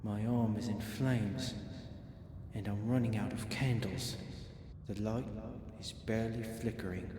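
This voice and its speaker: A man voicing a trapped, injured miner reading his last diary entries in a slow, grim, resigned way. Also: fairly low pitch, fairly even intonation, background noise, close to an everyday voice. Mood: grim, despairing. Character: dying trapped male miner writing a diary. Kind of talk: voiced game diary reading. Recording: roomy game audio with long reverb and music.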